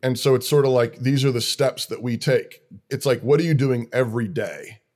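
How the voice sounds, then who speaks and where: This is a man who leads a church, talking in a relaxed interview. He speaks earnestly and lays out plain daily rules in quick rhythmic lists. His voice sits in an ordinary middle pitch. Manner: earnest, rhythmic listing of practical commands. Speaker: church leader. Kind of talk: conversational interview talk.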